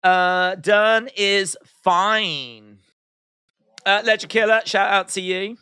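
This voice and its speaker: A man hosts a live watch-along stream in easy, casual chat, reading viewer comments aloud and answering them with playful teasing. His voice sits a little high and sounds bright and forceful. The sound is dry and close, with no room echo. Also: slow pace, clear, resonant tone. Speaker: livestream host.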